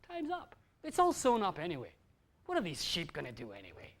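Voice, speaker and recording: A man's voice: fairly high pitch, big pitch swings, fairly quick, vocal fry, a bit bright. A Scottish man giving a live lecture to an audience, blunt and profane, with asides to the crowd. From Scotland. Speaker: festival speaker.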